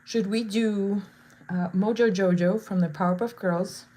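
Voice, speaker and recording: A woman's voice: medium pitch, fairly even intonation, unhurried, warm tone. A woman in her thirties, a face painter chatting casually and playfully with viewers during a live stream while she paints. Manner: bubbly, chatty, playful asides.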